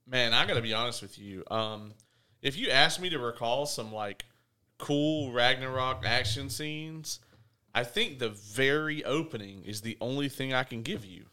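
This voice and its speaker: A man's voice: mid-range voice, normal speed, sharp tone. A man hosting a casual movie review podcast, talking in an easygoing way with many fillers. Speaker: podcast host.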